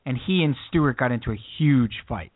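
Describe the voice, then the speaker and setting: A man's voice: medium pitch, expressive, brisk, dry recording. A man co-hosting a podcast, telling a story in casual chat with lots of restarts. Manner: rambling storyteller with many restarts. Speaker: podcast co-host. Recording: dry phone-like lo-fi sound.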